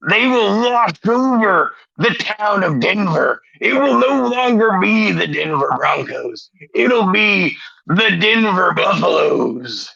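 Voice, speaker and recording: A swaggering, gravel-voiced pro wrestler, as a man puts him on, drags out his boasts slowly, calling his opponent "brother." The voice sits raised and bright with a rough edge. The sound is dry and a little dull. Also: high-pitched, big pitch swings, no echo, voice pushed up, exaggerated voice. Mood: grandiose. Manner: slow, growling hype delivery ending lines with "brother".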